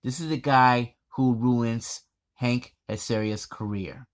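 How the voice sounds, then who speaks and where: A man vlogging an indignant commentary, reading text aloud in a halting, stumbling way. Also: mid-range voice.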